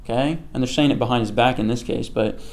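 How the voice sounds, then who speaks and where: A man's voice: mid-range voice, fast, darkish tone. A man teaching a Bible study who reads scripture aloud and then explains it in a conversational way, often checking in with "okay?".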